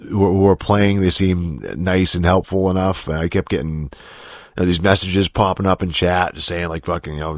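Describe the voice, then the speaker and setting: Podcast host, male, very low voice, dry close sound, rambling, profane, loose casual delivery. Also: level tone, normal speed, no room sound. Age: adult, getting older. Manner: profane, rambling, many restarts and fillers.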